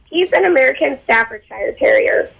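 Giggly lady calling into radio, high bright voice, talks fast in spurts. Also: lively intonation, creaky, slightly rough, lo-fi sound. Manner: bubbly, giggly, rapid bursts. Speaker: caller. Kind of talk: casual phone-in chat.

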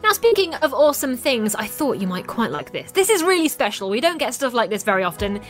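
Bubbly lady hosting kids radio, a bit high, faint music behind. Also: very animated, a little fast. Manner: cheerful, enthusiastic. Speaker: radio host. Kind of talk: upbeat children's radio presenting.

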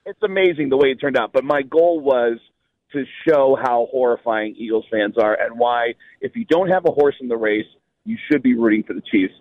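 Brief: male stand-up comic from New York, animated storyteller, lively pitch, dry lo-fi sound. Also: normal speed, no room sound. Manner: lively storyteller, voices the people in his anecdotes. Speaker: stand-up comedian, guest. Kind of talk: animated storytelling on a talk show.

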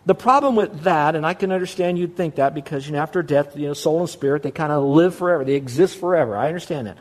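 A male pastor preaching with emphatic, repetitive stress on his points. His voice sits a little higher than most men's. He talks straight to the congregation. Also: fast, darkish tone. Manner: emphatic preaching with repeated phrases. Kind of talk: sermon.

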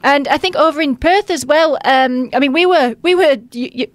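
A woman's voice: high-pitched, no echo. Chatty woman co-hosting a podcast. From England (Huddersfield). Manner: chatty and wry, quick to laugh. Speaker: podcast co-host. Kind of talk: casual chat.

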